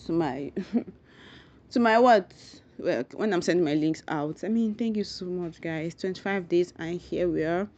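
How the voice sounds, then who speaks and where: A woman hosting a solo podcast, rambling and thinking out loud, effusively grateful to her listeners. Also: lowish voice, a little slow. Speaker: podcast host. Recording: dull lo-fi recording.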